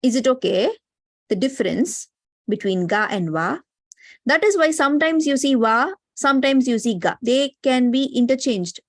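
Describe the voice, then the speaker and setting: In an online lecture, an Indian English-accented teacher walks students through Japanese grammar with patient explanation, often ending lines with "right?" or "no?". She sounds high-pitched and animated at a normal pace, recorded clean in a studio with no room sound.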